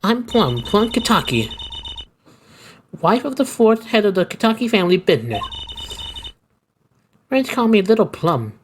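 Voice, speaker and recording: A man voicing a husky old gangster wife. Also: sits high, big pitch swings, a little slow, long pauses, slight background noise, voice pushed up. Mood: menacing. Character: older gangster's wife woman, icy and intimidating. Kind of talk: fan voice-over dub of a video game. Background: game music.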